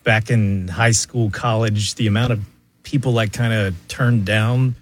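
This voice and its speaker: Wry, self-mocking husky man. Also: on the low side, fairly even intonation, a little slow. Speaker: co-host. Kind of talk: casual chat.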